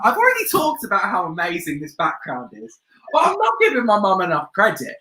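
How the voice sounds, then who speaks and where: A woman's voice: mid-range voice, fairly quick. Bubbly young woman hosting a makeup tutorial. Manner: bubbly, excitable, chanting catchphrases. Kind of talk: live makeup tutorial chat. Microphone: webcam on a livestream.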